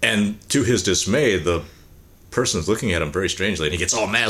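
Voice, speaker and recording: A man with a low, deep voice chats loosely as a podcast co-host. He tells stories and jokes and slips into the voices of the people he quotes. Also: brisk. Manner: animated storyteller, acts out quotes. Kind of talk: casual chat.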